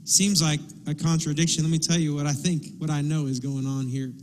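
A man's voice: fairly high pitch, flat delivery, fairly quick. A man preaching a sermon as pastor, impassioned, voicing pleading quotes as he goes. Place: church sanctuary. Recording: long hall reverb.

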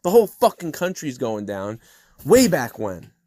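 A podcast host in his thirties delivering an angry, heavily profane solo rant, swearing constantly and working himself up into loud outbursts. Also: mid-range voice, big pitch swings, moderate pace, no room sound, studio quality.

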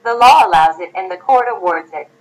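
A woman reading the part of a wise young woman disguised as a lawyer in an audiobook, calm and measured. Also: medium pitch, natural voice, low-quality recording.

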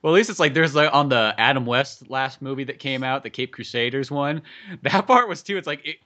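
Brief: male co-host, quick and bright, loose and profane chat. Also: mid-range voice, lo-fi sound. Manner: fast, loose, swears, many fillers. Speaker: podcast co-host. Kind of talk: casual chat.

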